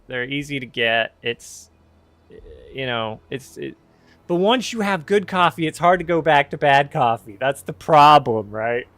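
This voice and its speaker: A man's voice: fairly high pitch, expressive, unhurried, a bit bright, no echo. A man casually telling a personal story on his podcast, rambling and correcting himself with wry candor.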